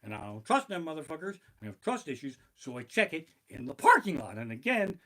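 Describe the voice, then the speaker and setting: A man doing stand-up comedy live from his living room, his voice fairly high and bright. He swings wildly in pitch, dropping low for asides and leaping up into shouted panic. The delivery is loose, profane and animated. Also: fairly quick. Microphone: basic home streaming mic.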